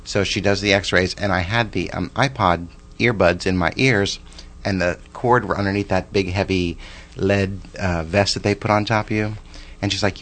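A man's voice: low voice, fairly even intonation, moderate pace, a bit bright. A man in his forties telling a personal story in a chatty, rambling way, with restarts and side remarks. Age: 40s.

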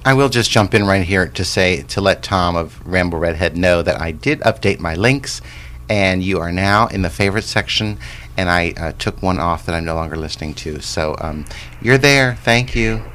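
Deep-voiced podcast host, offhand. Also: male voice, lively intonation, moderate pace, a bit bright, a little hiss or hum. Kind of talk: casual chat.

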